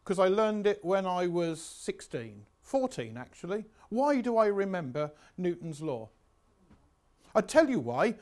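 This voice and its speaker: A man's voice: high-pitched, big pitch swings, unhurried, a little mellow. A man in his sixties giving a revision lecture, chatty, anecdotal and self-mocking. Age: 60s.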